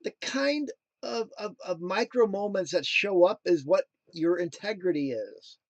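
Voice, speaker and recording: A man's voice: high-pitched, lively intonation, measured pace, dry recording. A man hosting a casual motivational talk, drifting into playful jokey asides before coming back to his point. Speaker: motivational show host.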